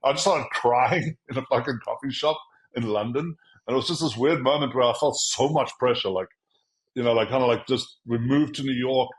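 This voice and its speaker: Quick and medium-pitched, a South African agency founder tells his career story in an informal interview, captured on a rough recording. He performs other people's lines animatedly, trading quoted dialogue between himself and them.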